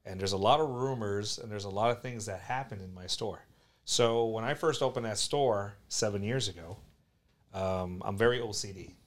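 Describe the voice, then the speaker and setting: A man from South Florida, a collectibles store owner, telling a story as a podcast guest with lively acted-out quotes. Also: fairly low pitch, normal speed. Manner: animated, acts out quoted voices loudly.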